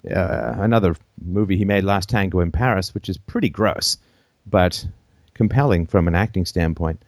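A man's voice: deep voice, normal speed, a little mellow, no room sound, clean studio sound. A man hosting a call-in show, telling long rambling anecdotes and chuckling as he goes.

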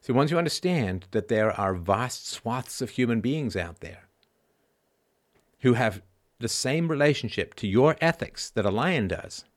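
Sarcastic, animated man in his fifties. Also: medium pitch, measured pace. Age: 50s. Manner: animated and sarcastic, swings from quiet asides to loud emphatic outbursts; rhetorical, keeps asking "right?". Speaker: show host. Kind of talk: live show monologue.

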